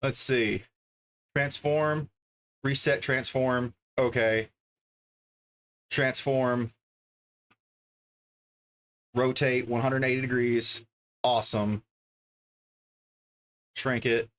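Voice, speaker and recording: A man's voice: mid-range voice, steady tone, very slow, pauses often, fairly bright tone. A man livestreaming from his home desk, chatting casually and thinking aloud as he reads out card names one after another. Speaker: livestreamer opening card packs.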